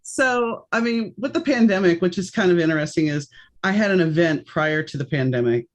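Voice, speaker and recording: A middle-aged woman from New Orleans with a faint, mixed American accent, hosting a casual podcast interview in a chatty, animated way. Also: fairly low pitch, a little fast. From New Orleans, United States. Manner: chatty, animated, jumps between stories. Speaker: podcast host.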